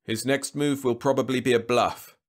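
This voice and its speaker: A man voicing a triumphant male factory executive who proclaims loudly over an intercom. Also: mid-range voice, steady tone, moderate pace, pitched above the performer's own voice, lightly acted. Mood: delighted. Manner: loud, proclaiming, rhetorical.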